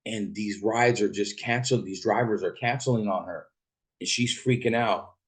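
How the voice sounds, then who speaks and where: A man who drives for a rideshare app tells a story in a rambling, casual way, swearing freely. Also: lowish voice. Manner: rambling and profane, quick asides.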